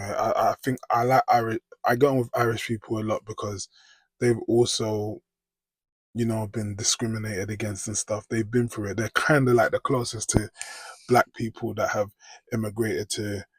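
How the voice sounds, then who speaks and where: A man's voice: fairly low pitch, slightly rough, no echo. A British man, chatting casually in a rambling reaction vlog. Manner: chatty, rambling, frequent "do you know what I mean". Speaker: vlogger.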